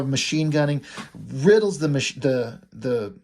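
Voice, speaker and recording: A man's voice: medium pitch, normal speed. A man casually recapping a comic book, loose and rambling with many fillers. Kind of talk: casual comic review narration.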